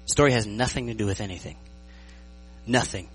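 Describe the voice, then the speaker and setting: A man's voice: lowish voice, fairly quick, long pauses, slightly rough, faint music behind, rough recording. A man preaching a sermon as pastor, joking and often checking that his listeners are following him. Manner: lively, joking, checks in with the audience.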